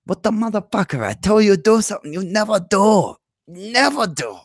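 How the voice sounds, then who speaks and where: A man's voice: sing-song, normal speed, no echo, clean studio sound, heavily acted. A man putting on the voice of his nagging, exasperated wife with a Chinese accent, in repetitive broken English. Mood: scolding. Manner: shrill, broken English, repeating itself.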